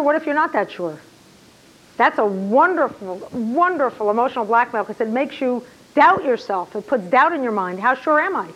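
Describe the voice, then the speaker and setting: A woman teaching a classroom lecture, animated and excitable, full of rhetorical questions to her students. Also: fairly high pitch, moderate pace, husky, dull audio.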